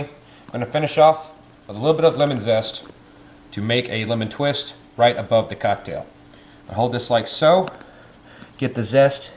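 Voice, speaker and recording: A man's voice: mid-range voice, moderate pace, pauses often. A man casually demonstrating how to mix a cocktail, explaining each step as he goes. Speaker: cocktail maker. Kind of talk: casual instructional demo. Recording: roomy, muffled, faint background noise.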